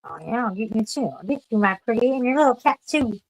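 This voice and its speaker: A wicked witch taunting a cat with a teasing threat, as a woman puts her on half-heartedly. The voice sits fairly high and stays close to an everyday speaking tone. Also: expressive, quick pace, rough recording. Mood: mock menace.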